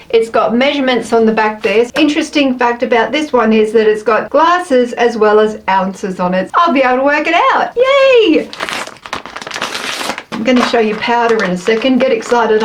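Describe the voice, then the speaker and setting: A woman's voice: a little high, echoey room, low-quality recording. An Australian woman chatting playfully through a casual taste-test vlog while cooking at home. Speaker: food vlogger. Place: home kitchen.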